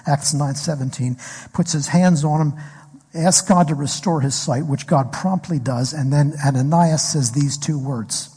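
A man's voice: mid-range voice, dark tone, breathy edge. A man preaching a sermon as pastor, telling a story and asking the congregation questions. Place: church hall. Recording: echoey hall recording.

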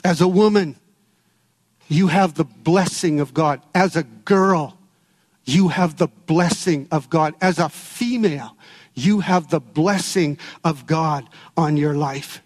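High-voiced preacher in a reverberant hall. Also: male voice. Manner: preaching with storytelling and emphatic pauses. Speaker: pastor. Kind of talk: sermon.

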